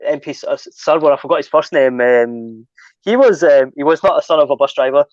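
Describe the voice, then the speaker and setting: A man hosting a casual panel chat, talking in a relaxed, chatty way and laughing easily. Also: fairly high pitch, a little fast, no echo, lo-fi sound. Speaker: host.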